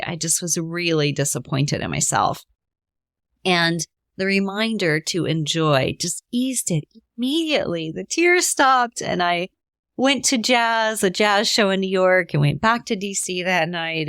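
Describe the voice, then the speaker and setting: A woman's voice: lowish voice, fairly bright tone, no echo, clean studio sound. A middle-aged woman hosting a podcast, telling a candid, emotional personal story with many fillers and asides. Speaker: podcast host.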